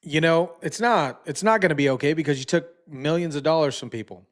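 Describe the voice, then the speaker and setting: A man's voice: a little high, a little fast. A man hosting a commentary channel, talking bluntly and indignantly, often repeating himself. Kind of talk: casual online commentary.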